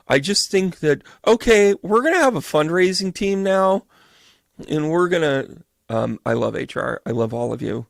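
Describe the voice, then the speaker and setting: A man with a gravelly, fry-edged voice runs a live tarot reading, animated and swearing freely as he talks to viewers. The sound is dry and close. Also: medium pitch, dry recording. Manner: animated and profane, acting out quick voices. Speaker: medium doing tarot readings.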